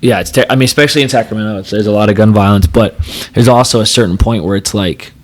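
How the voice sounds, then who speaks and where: A man's voice: fairly low pitch, fast talker. A man in his thirties, a podcast guest telling stories in a rambling, casual way, full of fillers and swearing. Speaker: podcast guest, pro fighter. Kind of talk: casual storytelling chat.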